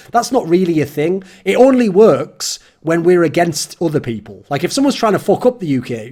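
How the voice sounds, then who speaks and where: A man's voice: a little high, big pitch swings, a little fast, few pauses, a little mellow. A man with an English accent hosting a casual round-table chat, ranting and swearing, with mocking put-on voices. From England. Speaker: host.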